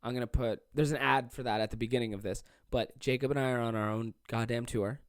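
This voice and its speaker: A man's voice: mid-range voice, steady tone, quick pace, no echo, clean studio sound. Rambling, profane young man hosting a podcast. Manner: rambling, profane, self-deprecating. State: jet-lagged. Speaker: podcast host and stand-up comedian. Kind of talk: casual solo podcast monologue. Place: small room.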